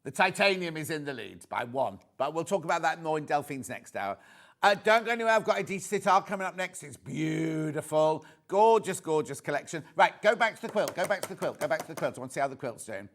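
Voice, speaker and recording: Chatty British TV sales host. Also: male voice, on the high side, expressive, fast, a bit bright. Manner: chatty, repeats words, reads out viewer messages. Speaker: shopping channel presenter. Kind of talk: live sales presenting.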